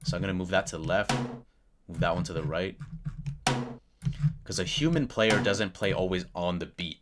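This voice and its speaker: Low voiced guy walking thru a beat tutorial, laid back, keyboard clicks and noise behind. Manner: relaxed, thinking aloud with fillers. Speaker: music production tutor. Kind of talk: casual screen-recorded tutorial. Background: keyboard clicks and typing.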